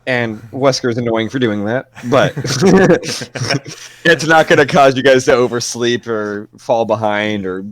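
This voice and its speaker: A man's voice: medium pitch, takes it slowly, no echo. A man running a tabletop game as game master, narrating casually with loose, rambling descriptions and frequent laughs.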